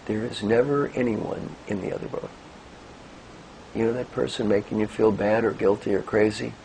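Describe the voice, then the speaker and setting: A man's voice: on the low side, moderate pace, gravelly, slight background noise, rough recording. An older man giving a motivational talk as a coach, guiding listeners through breathing and telling stories. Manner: animated storytelling, gentle coaching. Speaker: executive coach. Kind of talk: motivational talk with guided exercise.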